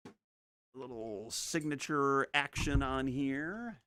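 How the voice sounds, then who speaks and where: A man's voice: medium pitch, measured pace, creaky, no room sound. A man chatting casually while painting on a live stream at home, joking and making little sound effects as he works. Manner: animated, jokey, makes sound effects. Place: home studio.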